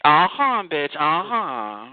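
A man's voice: fairly high pitch, big pitch swings, slow, no room sound, phone-quality sound. A man chatting on a phone chat line in a sassy, teasing, campy way.

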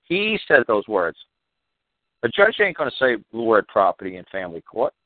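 A man's voice: on the low side, very animated, normal speed, dry recording. Blunt, exasperated man on a tinny phone line. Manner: blunt, exasperated, repetitive lecturing with cursing. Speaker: radio talk show guest on legal matters. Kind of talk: call-in radio talk.

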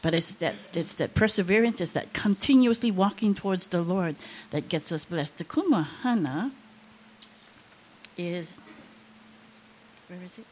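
A woman's voice: fairly low pitch, lively intonation, measured pace, long pauses, a little mellow, a little hiss or hum. An older woman preaching a sermon, sharing an emotional testimony with rising, impassioned emphasis.

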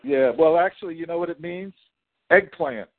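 A man's voice: a little high, normal speed. A man in casual chat who cuts in with brief interjections and apologizes for interrupting. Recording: dry, tinny phone-like audio.

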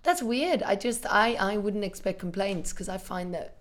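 A woman's voice: medium pitch, lively intonation, moderate pace. A woman hosting a podcast, chatting casually and prodding her guest with questions. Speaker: podcast host.

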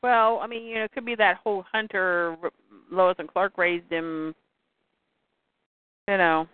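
A woman's voice: lowish voice, steady tone, a little slow, dry recording. A woman co-hosting a casual comic book chat, reading scenes aloud and acting out the dialogue. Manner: acts out comic dialogue with shifting voices. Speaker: podcast co-host. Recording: tinny phone-like line, dry.

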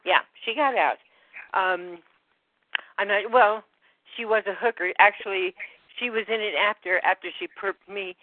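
A woman on a group phone call, slightly out of breath, talking in a halting way that trails off with many fillers. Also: mid-range voice, no echo. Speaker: call participant. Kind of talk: rambling phone call chat. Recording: dry phone-line audio.

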